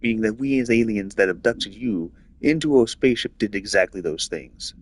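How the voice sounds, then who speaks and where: A man's voice: fairly low pitch, moderate pace. Rambling man streaming a game. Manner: rambling, lots of filler "like". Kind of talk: casual rambling commentary over gameplay.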